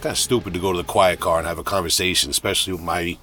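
A middle-aged man with a deep, booming voice, telling a rambling, self-deprecating story in a casual podcast monologue. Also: steady tone, very fast, sharp tone, husky, faint music behind. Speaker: podcast host.

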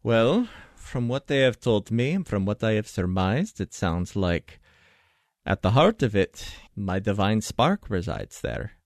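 An ancient, wry divine being speaks in slow, measured counsel, as a man voices him in a tabletop game. The voice sits low and the sound is dry and close. Soft music plays behind. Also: sing-song, no echo.

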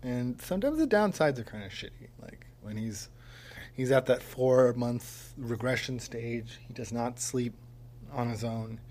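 A man hosts a casual solo podcast from his home studio using a mic on a tripod, rambling with lots of ums and dry, self-mocking humor. His mid-range voice has lively intonation and a darkish tone, and he speaks at a measured pace.

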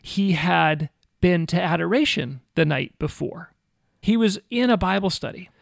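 Gravelly, higher-voiced man telling a story. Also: unhurried, dry recording, clean studio sound. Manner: animated, conversational, fond of "like" and self-mocking asides. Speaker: guest, former missionary. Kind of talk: personal storytelling interview.

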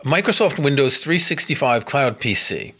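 A man in a relaxed, explanatory mood co-hosts a tech podcast. He speaks at a mid pitch and talks through practical tips in casual conversation. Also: normal speed, breathy edge. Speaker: podcast co-host.

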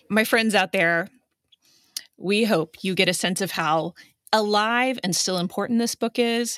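A woman's voice: mid-range voice, a bit bright, no room sound, studio quality. A woman co-hosting a podcast in casual, playful chat, often laughing. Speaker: podcast co-host.

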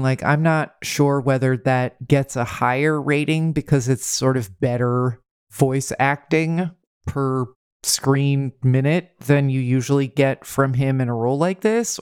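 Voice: mid-range voice, darkish tone, clean tone, no room sound, studio quality. A podcast co-host chatting casually, wry and laughing as they lead the segment. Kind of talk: casual chat.

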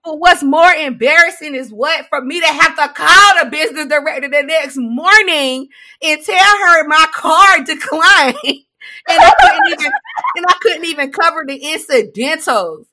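A woman co-hosting a casual podcast chat, telling stories in an animated, slangy way with quick asides. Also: high-pitched. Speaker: podcast co-host.

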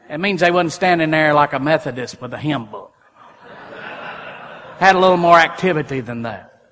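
A male pastor preaching a sermon in a folksy style, his voice swelling loud and then dropping soft. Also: on the high side. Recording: long hall reverb.

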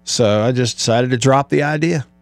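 A man's voice: medium pitch, normal speed, no room sound. A man hosting a country radio show, chatting casually and rambling with a co-host, often laughing. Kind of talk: casual on-air banter. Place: radio studio.

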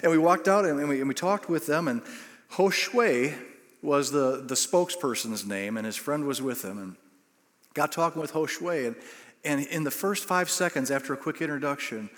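A man's voice: on the high side, moderate pace. A male pastor preaching a sermon, telling a story and building to bursts of emphasis. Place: church sanctuary. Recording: long reverb of a church hall.

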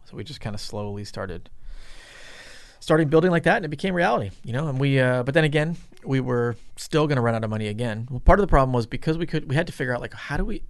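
A man's voice: mid-range voice, expressive, fast, dry recording, studio quality. A middle-aged man telling a rambling, casual story in an interview, swearing freely and acting out the voices of the people in it. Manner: rambling, profane, acts out quoted people. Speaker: guest.

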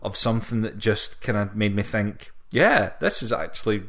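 A man's voice: on the low side, animated, moderate pace, fairly bright tone. A man co-hosting a podcast, chatting casually in a wry, hesitant way, often correcting himself. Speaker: podcast co-host. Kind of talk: casual chat about retro games.

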